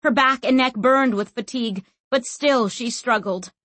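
A woman narrating a novel as an audiobook, expressive and acting out every figure. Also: on the high side, moderate pace, dry recording. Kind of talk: scripted narration.

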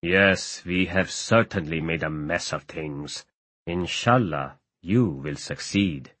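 A trembling, deep old pasha, as a male narrator puts him on, proud and bitter, speaking slowly in a husky, low voice. The audiobook reading sounds dry and close, with lively rises and falls in pitch. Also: dry recording, exaggerated voice. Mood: sorrowful. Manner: slow, heavy, sorrowful. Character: elderly grieving Turkish pasha, proud and bitter. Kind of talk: audiobook character voice.

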